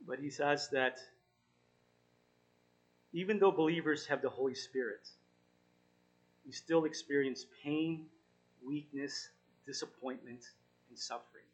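A man giving an informal sermon, reading scripture and encouraging his listeners in an earnest, halting way with frequent self-corrections. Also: medium pitch, low-quality recording. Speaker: Bible study teacher.

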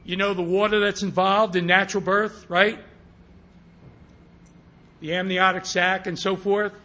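A man's voice: high-pitched, level tone, a little slow, pushed and bright. A man teaching a class on interpreting scripture, speaking emphatically and often checking that his listeners follow. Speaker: Bible teacher.

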